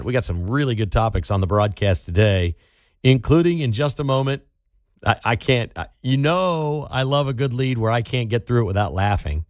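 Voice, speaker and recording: A man's voice: medium pitch, dry recording, clean studio sound. A man hosting a political talk radio show, delivering an opinionated, sarcastic monologue. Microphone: studio microphone.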